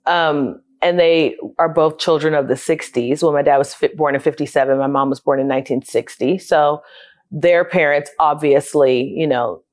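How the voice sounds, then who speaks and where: A woman's voice: low voice, steady tone, normal speed, darkish tone. A woman in her thirties from South Florida, telling her life story in an interview in a candid, reflective, conversational way. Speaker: interviewee, childcare business owner.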